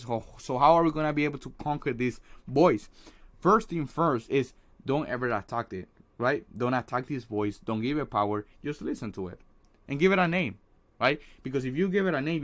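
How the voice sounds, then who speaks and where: A man giving a casual motivational talk on social anxiety, earnest, with many restarts and a habit of asking "right?". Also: mid-range voice. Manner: earnest, repeats words, tags lines with "right?"; acts out a harsh inner critic in quoted asides.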